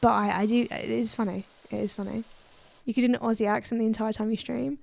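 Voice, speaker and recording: A woman's voice: on the high side, fairly even intonation, quick pace, creaky, darkish tone. A woman streaming a game, chatting casually, giggling and reading chat aloud, her voice a little worn. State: voice a bit worn.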